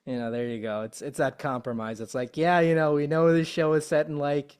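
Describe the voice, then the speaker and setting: Male podcast host, fairly high voice, rambling casual chat with lots of fillers. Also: flat delivery, fairly quick, darkish tone, clean tone. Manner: rambling, peppered with "like" and "you know".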